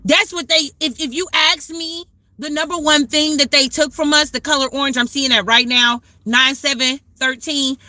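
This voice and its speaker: A woman's voice: high voice, pushed and bright, dry recording, low-quality recording. A woman hosting a livestream, talking in a fervent, preachy way with lots of repetition and occasional swearing. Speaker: livestream host. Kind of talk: impassioned spiritual livestream talk.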